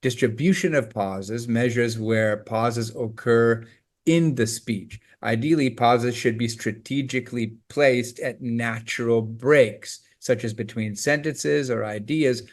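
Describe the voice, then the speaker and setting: A man teaching test preparation in a scripted, emphatic, coaching explanation. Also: medium pitch.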